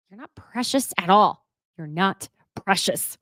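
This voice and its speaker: A woman hosting a casual recap, talking in an animated, sarcastic and emphatic way. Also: fairly high pitch, normal speed, no room sound, clean studio sound. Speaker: host.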